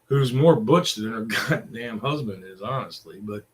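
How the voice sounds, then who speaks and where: A man's voice: lowish voice, expressive, moderate pace. A middle-aged man, ranting casually in a crude, profane, rambling way. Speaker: vlogger.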